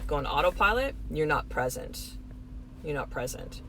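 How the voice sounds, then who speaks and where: A woman's voice: low voice, big pitch swings, normal speed, bright, forceful tone, a little hiss or hum, poor audio. A woman podcast host and life coach in a casual motivational talk, earnestly guiding the listener through breathing and affirmations.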